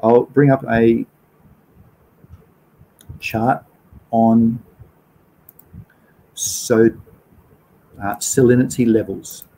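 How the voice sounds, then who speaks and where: A man's voice: mid-range voice, fairly even intonation, drawn-out words, long pauses, dark tone, slight background noise, rough recording. A man with an Australian accent hosting a casual livestream, reading out viewer comments and answering questions in an informal, chatty way. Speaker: livestream host.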